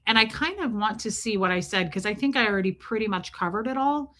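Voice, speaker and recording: Woman, forties, livestream host, bright, candid, animated, casual swearing. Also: mid-range voice, fast talker. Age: 40s. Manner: frank and animated, swears, frequent "right?" and "like". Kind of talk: candid personal storytelling on a livestream.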